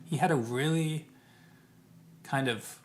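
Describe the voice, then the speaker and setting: A man's voice: mid-range voice, takes it slowly, slight background noise. Rambling man telling a travel story. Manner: rambling, self-correcting, quotes people in animated bursts. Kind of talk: casual storytelling.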